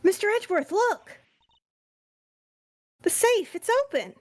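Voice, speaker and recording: Super high eager girl sidekick played by a woman, bouncy, dry close sound. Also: sing-song, a little slow, no room sound, full character voice. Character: young female sidekick investigator, eager.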